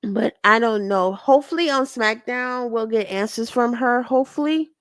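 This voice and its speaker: A woman with a slightly high voice and moderate pace hosts her own program, rambling animatedly through a wrestling recap and often fixing her own words. The recording is dry and studio quality.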